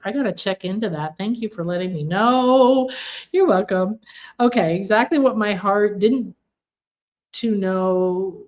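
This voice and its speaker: A woman hosting a live stream of spiritual readings. She speaks earnestly and emphatically, and repeats words for stress as she chats with her viewers. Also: medium pitch.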